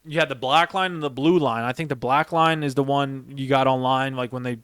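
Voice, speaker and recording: A man's voice: medium pitch, fairly even intonation, a little fast, fairly bright tone, smooth, dry recording, studio quality. A young man and former Marine sergeant who hosts a podcast. He tells stories in a rambling, emphatic way and swears heavily. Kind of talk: casual storytelling chat.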